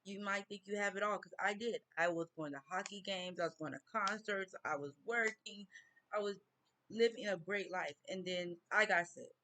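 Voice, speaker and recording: A woman's voice: medium pitch, pushed and bright. Woman on the edge of tears. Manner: slow, halting, tearful grief. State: near tears. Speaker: vlogger. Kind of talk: personal rant to camera.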